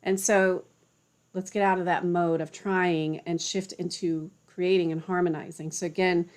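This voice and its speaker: Young woman, low-ish voice, relaxed spiritual teacher, rambling casual talk. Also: a little slow. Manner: relaxed and chatty, many fillers.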